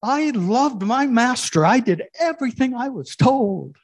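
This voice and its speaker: A man voicing an eager, devoted dog in heaven, excited and loud. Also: a little slow, full character voice. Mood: gushing. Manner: excited, high-pitched and loud.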